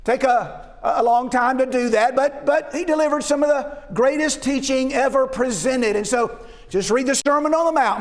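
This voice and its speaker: A man preaching a sermon, often restarting and repeating words and asking rhetorical questions. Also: very high-pitched. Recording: long reverb of a large hall.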